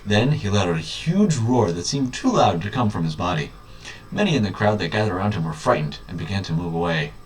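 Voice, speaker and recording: Deadpan man reading with mocking asides. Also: low-pitched, fairly quick. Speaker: reader. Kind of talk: reading a book aloud with sarcastic asides. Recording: echoey room, distant mic, faint hiss.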